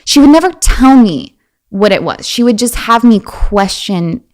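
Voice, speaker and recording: A young woman, a podcast guest, telling personal stories in a casual, animated way and acting out quoted voices. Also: a little slow. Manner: animated, acts out quoted voices with big pitch jumps. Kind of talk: casual storytelling interview.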